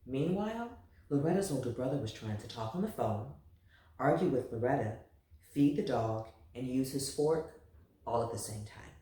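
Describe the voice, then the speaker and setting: Animated storybook reader in an echoey room. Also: mid-range voice, normal speed, recorded from a distance. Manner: animated, playful, chatty sign-off. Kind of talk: reading a picture book aloud.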